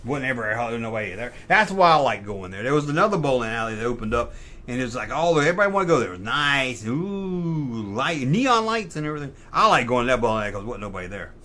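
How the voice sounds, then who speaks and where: Lively middle-aged man spinning rambling stories. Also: medium pitch, fast talker. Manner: rambling, self-correcting, profane anecdotes. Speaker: livestream host. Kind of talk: casual storytelling on a live stream.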